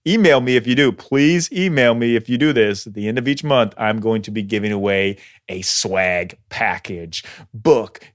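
A man's voice: fairly low pitch, moderate pace. Enthusiastic male podcast host. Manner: enthusiastic, effusive. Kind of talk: upbeat podcast interview.

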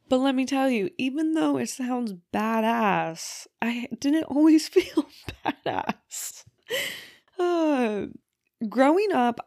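A woman's voice: sits high, animated, takes it slowly, darkish tone, no echo, studio quality. Chatty woman hosting a cozy podcast. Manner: chatty and candid, swears casually. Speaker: podcast host. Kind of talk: casual solo podcast chat. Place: in bed at home.

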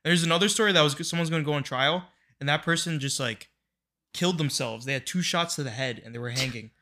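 A man's voice: a little high, fast talker, sharp tone, a little hiss or hum. A man co-hosting a comedy podcast, chatting casually and rambling through stories with many restarts. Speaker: podcast co-host. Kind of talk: casual chat.

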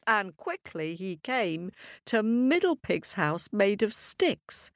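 Animated storyteller for kids, playful, unhurried, wide swoops in pitch. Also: female voice, no room sound, clean studio sound. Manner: animated, playful, makes sound effects. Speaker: children's storyteller. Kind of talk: storytelling for children.

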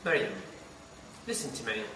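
A man's voice: mid-range voice, big pitch swings, normal speed, lightly acted. A man playing an unfaithful husband who brushes off his wife and complains to his lover. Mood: complaining. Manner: curt, brushing off questions. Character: unfaithful husband, dismissive and evasive. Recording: echoey room heard from far off with faint noise.

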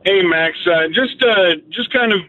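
A man's voice: sits high, measured pace. A man calling in to a sports radio show, hesitant and full of fillers. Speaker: caller. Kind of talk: call-in radio. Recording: tinny phone line with faint noise.

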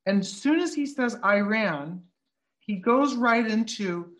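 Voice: mid-range voice, animated, takes it slowly, a bit bright. A podcast host in casual political talk, blunt and swearing freely, working through a speech line by line.

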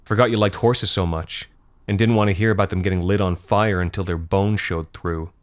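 A man's voice: low-pitched, fairly even intonation, a little fast, lightly acted. A man reading the part of a cruel teenage boy who taunts his cousins with morbid, gruesome details. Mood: taunting.

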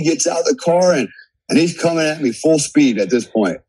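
A man on a podcast as a guest, telling a story in a casual, animated way, swearing freely and laughing as he goes. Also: fairly high pitch, moderate pace, slightly rough, no room sound, poor audio. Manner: animated, profane, laughs through his story.

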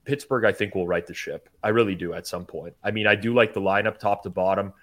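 Low-voiced man giving stat-heavy betting talk. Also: fairly even intonation, fairly bright tone. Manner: measured, stat-heavy, with stammered starts. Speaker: sports betting host. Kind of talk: casual sports betting analysis.

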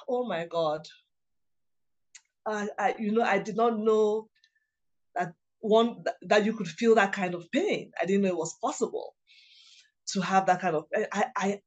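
A woman, a mother of several children, telling a personal story in a halting, emotional way, often restarting her sentences. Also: mid-range voice. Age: adult mother of several children. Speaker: guest sharing a personal story.

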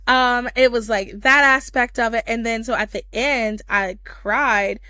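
A woman's voice: fairly high pitch, fairly even intonation, a little slow, sharp tone, no room sound. A young woman co-hosting a podcast, gushing in casual chat with lots of fillers. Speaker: podcast co-host.

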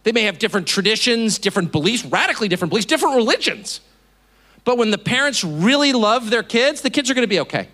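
A man's voice: high-pitched, very animated, fast, sharp tone. A man in his fifties from California gives an indignant, mocking speech to a live audience, acting out the voices he quotes. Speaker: speaker. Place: auditorium.

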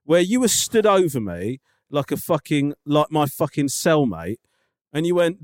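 A man's voice: a little high, very animated, normal speed, darkish tone, no room sound, clean studio sound. A man co-hosting a podcast, chatting casually, indignant and swearing freely. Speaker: podcast co-host. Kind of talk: casual chat.

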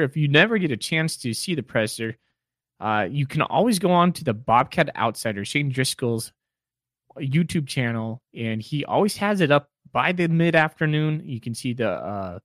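A man's voice: mid-range voice, a bit bright, dry recording. Laid back guy on a sports podcast, mid voice, dry. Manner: easygoing, thinks aloud with fillers. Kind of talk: casual sports chat.

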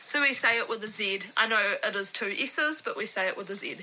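A woman's voice: mid-range voice, fairly quick, pushed and bright, slight background noise, poor audio. A woman with an Australian accent explaining how words are said, in a casual voice message. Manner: matter-of-fact, explaining. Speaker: listener sending a voice message.

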